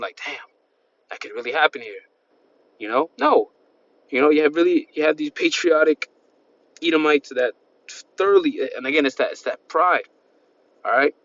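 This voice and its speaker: A man's voice: medium pitch, a bit bright. Male preacher, loose and repetitive delivery, scripture readings, dull home-recorded audio. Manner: rambling, repetitive, peppered with "man" and "all right". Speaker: street-style preacher. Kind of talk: informal sermon with scripture reading.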